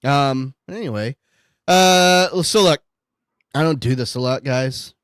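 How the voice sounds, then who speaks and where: A man's voice: medium pitch, takes it slowly, a bit bright, smooth, dry recording. A man co-hosting a casual podcast, rambling and joking, poking fun at himself and swearing freely. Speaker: podcast co-host.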